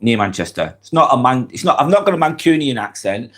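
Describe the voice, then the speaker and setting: Lancashire man with a cold, lively pitch. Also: quick pace. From Lancashire, northwest England. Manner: chatty, reads out comments and answers them directly. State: has a cold. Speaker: live-stream vlog host. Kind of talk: casual live-stream chat reading viewer comments.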